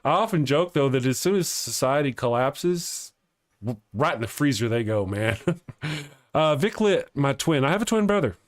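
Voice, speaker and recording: A man's voice: mid-range voice, expressive, moderate pace, dry recording, studio quality. A man hosting a live stream in casual chat, rambling and chuckling as he reads viewer comments aloud. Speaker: live-stream show host.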